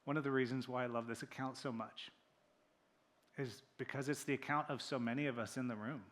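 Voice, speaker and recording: A man preaching a sermon in a church, animated, acting out quoted voices and dropping to near-whispers for emphasis. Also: medium pitch, fairly quick. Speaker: pastor. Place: church sanctuary.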